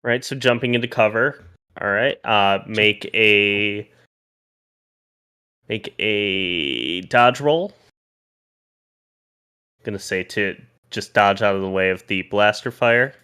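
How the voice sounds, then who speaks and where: A man's voice: lowish voice, slow pace, long pauses, sharp tone, smooth. A man narrating a tabletop role-playing game as game master, in a casual, loose way that thinks aloud.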